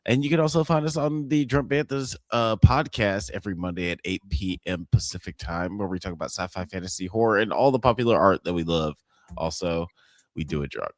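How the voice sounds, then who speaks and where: A man's voice: sits low, a little fast, no echo, clean studio sound. A man co-hosting a live podcast, laid-back and hesitant, with lots of "uh" fillers. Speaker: podcast co-host. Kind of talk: casual live-stream chat.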